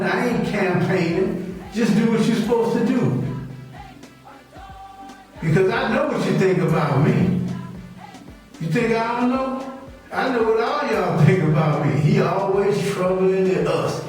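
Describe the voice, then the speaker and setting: Fiery high-voiced man preaching in echo. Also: animated, moderate pace, a little mellow. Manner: scolding, repetitive, confrontational, dialect speech. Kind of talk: fiery sermon rebuke. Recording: very echoey room, distant from mic, faint music.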